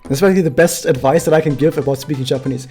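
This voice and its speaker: A man's voice: a little high, rapid-fire, a little mellow, slightly rough, soft background music. A man streaming a game, chatting casually to his viewers and explaining things with many fillers. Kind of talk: casual gameplay commentary to chat.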